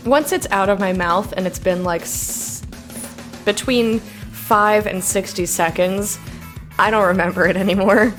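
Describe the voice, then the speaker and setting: A woman's voice: medium pitch, slow pace, long pauses, faint music behind. A woman streaming live, chatting casually and laughing hard and often. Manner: chatty, reads and answers chat.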